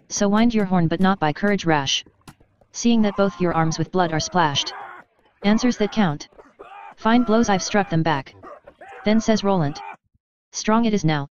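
A woman reading an epic poem aloud in a measured, steady recitation. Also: lowish voice, dull audio, slight background noise. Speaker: reader.

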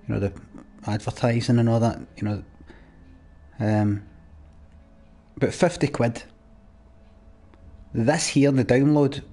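A man's voice: mid-range voice, darkish tone, slightly rough. A young man live-streaming a game, chatting casually and ranting at his viewers with plenty of swearing. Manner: sweary, ranting at chat in a mock-exasperated way.

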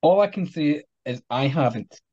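A man's voice: fairly high pitch, lively intonation, normal speed, darkish tone. Scottish man on a dull lo-fi mic. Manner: laid-back, short jokey answers. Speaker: podcast guest, wrestler. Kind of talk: casual chat.

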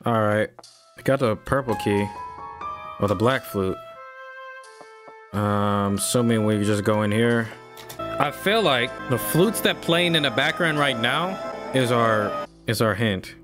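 Slow-talking man narrating a game. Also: mid-range voice, lively intonation. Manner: talks to himself, hums melodies, jumpy reactions. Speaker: streamer playing a game. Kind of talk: casual let's-play commentary. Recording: game music playing behind.

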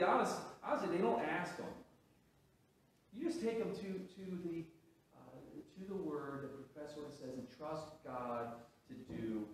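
Guy preaching in a big echoey church, kinda high voice, mic far off, lots of restarts when he gets going. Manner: storytelling with frequent restarts and rising emphasis. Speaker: pastor. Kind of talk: sermon. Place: church sanctuary. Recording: very echoey hall, from a distance.

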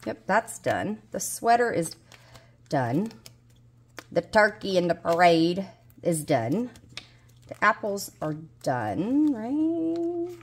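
A woman's voice: mid-range voice, breathy edge. A woman in her forties with a Southern US accent, chatting casually to herself as she plays a budgeting game and hunts for pieces, mildly exasperated. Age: 40s. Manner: talks to herself while searching, mildly exasperated. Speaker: budgeting vlogger. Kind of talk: casual solo chat.

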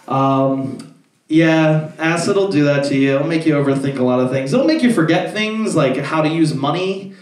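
A young stand-up comedian rambles through his set with a loose, filler-heavy delivery and plenty of swearing. His voice sits a little high. The sound is roomy and comes from a distance, as if caught away from the mic in a club. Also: moderate pace.

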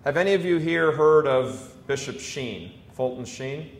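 An American man in his fifties gives an emphatic preaching talk to a live audience. He swings between loud declarations and quiet storytelling. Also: expressive, a little slow. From United States. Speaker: Catholic speaker addressing an audience. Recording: echoey room, faint low rumble.

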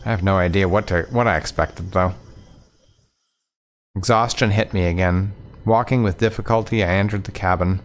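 A man's voice: fairly low pitch, moderate pace. Man reading a visual novel aloud. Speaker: let's play narrator.

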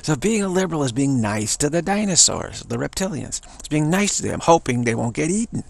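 A man's voice: fairly high pitch, big pitch swings, a little fast, vocal fry. A man giving a rambling spiritual talk, telling a story and repeating phrases for emphasis. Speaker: spiritual teacher.

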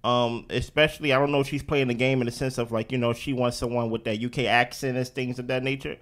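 Male co-host, animated slangy reactions, speaks to the people on screen, mid-pitched voice. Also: fast. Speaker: podcast co-host. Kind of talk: casual reaction chat.

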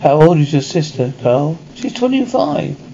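A man reading a television episode script aloud and voicing every part himself in a flat read-through, on a dull, slightly lo-fi recording with faint hiss. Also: a little high, normal speed, gravelly. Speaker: radio reader.

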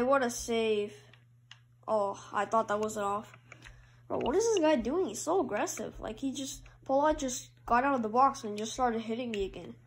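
A woman commentating her own hockey video game match, calling plays and cheering loudly at goals. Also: a little hiss or hum. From Canada. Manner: excitable play-by-play, jumps to loud high cheers at goals. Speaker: gamer.

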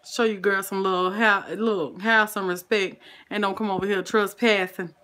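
Bright-voiced Southern woman chatting with viewers. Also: medium pitch, little pitch movement, moderate pace. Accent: Southern American. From Southern United States. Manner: folksy, sprinkles "honey" and "child", greets viewers by name. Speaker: cooking livestream host. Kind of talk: casual livestream chat with viewers.

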